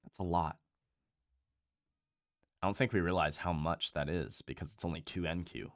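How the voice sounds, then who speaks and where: A young man hosting a live trading stream, talking casually and bluntly with lots of swearing and repetition, rising in pitch and volume when fired up. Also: fairly even intonation, moderate pace, no room sound, studio quality. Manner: blunt, profane, repeats himself, gets louder and higher when fired up. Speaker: livestream trading host.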